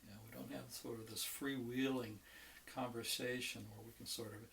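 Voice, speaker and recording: A man's voice: medium pitch, little pitch movement, normal speed, vocal fry, a bit bright, recorded from a distance, slight background noise. A man who is an economics professor, giving an informal, folksy online lecture with many fillers and restarts. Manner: chatty and folksy, tells jokes with acted quotes.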